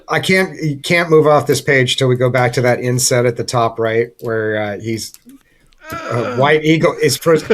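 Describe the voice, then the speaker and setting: A man with a slightly high voice, a guest on a comic book podcast, riffing on the artwork with folksy, self-deprecating jokes. He talks easily and warmly, as friends do. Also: a little hiss or hum. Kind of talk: casual comic book review chat.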